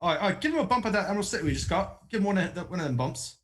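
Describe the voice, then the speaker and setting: Player, male, fairly high voice, animated, laughs often. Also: very fast. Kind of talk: casual tabletop play.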